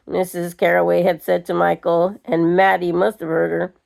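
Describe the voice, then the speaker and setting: An older woman reading a short story aloud in a slow, measured way. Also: on the low side, level tone, gravelly, darkish tone. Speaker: reader.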